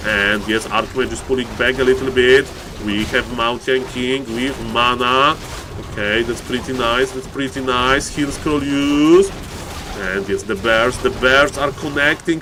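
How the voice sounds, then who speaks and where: A man casting a strategy game live on stream, excitable and chatty, often shouting with excitement and thanking viewers by name. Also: moderate pace, background noise. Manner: excitable, repeats "ladies and gentlemen", bursts into high-pitched shouts. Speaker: game caster. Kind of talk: live-streamed esports commentary.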